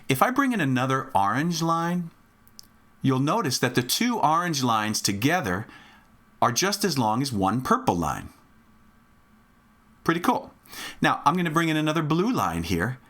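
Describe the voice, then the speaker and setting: A man's voice: mid-range voice, big pitch swings, moderate pace, a bit bright. A man teaching a children's music lesson on rhythm, patient and encouraging, counting off and chanting along.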